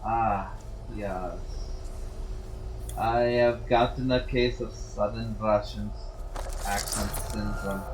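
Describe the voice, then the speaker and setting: A man chats casually and jokingly while he streams a game, rambling with fillers. His voice sounds echoey, and background noise is clearly heard behind it. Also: on the low side, level tone, takes it slowly. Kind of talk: casual gameplay commentary.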